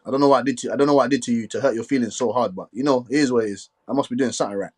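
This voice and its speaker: A man hosting a casual live stream, talking quickly and filling his speech with "you get me". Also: medium pitch, breathy edge. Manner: fast, repetitive filler "you get me".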